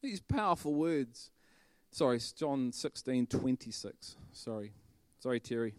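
Animated male preacher with a dry sound. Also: medium pitch, measured pace, no echo. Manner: animated, bursts into loud shouting and laughter. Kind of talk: sermon.

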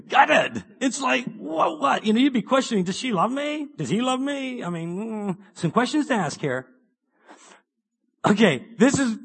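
A man preaching a sermon, swinging between excited bursts and quiet, earnest asides, with many rhetorical questions. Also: on the high side.

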